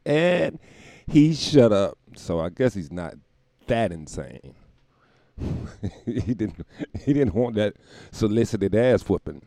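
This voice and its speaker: A man's voice: fairly low pitch, very animated, slow pace, vocal fry, long pauses, warm tone, dry recording, clean studio sound. A man hosting a show, riffing in a rambling, irreverent comedic monologue with laughs and profanity. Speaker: podcast host.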